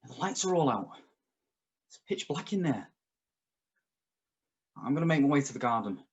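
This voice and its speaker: A man in his sixties with a British accent playing a skeptical neighbour who is checking on a strange man next door, speaking in a husky voice. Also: medium pitch, sing-song, normal speed, highs cut off. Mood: uneasy. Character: skeptical male neighbour growing frightened.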